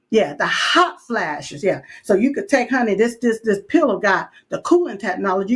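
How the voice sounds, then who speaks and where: A woman hosting a live-stream chat show, talking in a sassy, folksy way with lots of call-outs and asides. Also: a little high. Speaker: show host.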